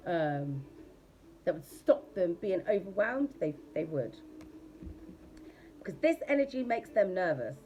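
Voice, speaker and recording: A woman's voice: mid-range voice, a little mellow, lo-fi sound, a little hiss or hum. A woman giving a casual tarot reading. She talks bluntly and chattily, and she swears freely. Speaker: tarot reader.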